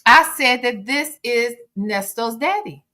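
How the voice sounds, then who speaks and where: A woman co-hosting a casual commentary show, talking emphatically and agreeing quickly. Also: on the high side, lively intonation, bright, forceful tone. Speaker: show host.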